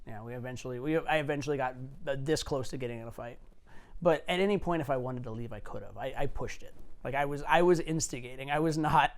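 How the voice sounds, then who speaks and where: A dating coach in his forties tells stories casually, speaking quickly at a medium pitch. His talk is loose and anecdotal, full of swearing and filler words.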